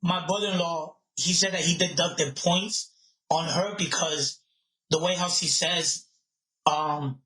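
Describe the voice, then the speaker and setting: A man co-hosting a podcast, telling stories in animated, excitable casual chat with many restarts. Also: fairly high pitch, a little slow, soft background music. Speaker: podcast co-host. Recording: roomy echo.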